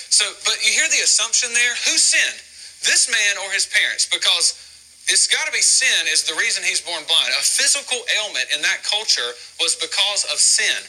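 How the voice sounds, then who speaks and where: A man's voice: fairly high pitch, sharp tone, poor audio. A pastor preaching a sermon, asking his congregation many rhetorical questions and acting out the story's scenes, often restarting and repeating words. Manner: acts out the story scenes in quoted voices.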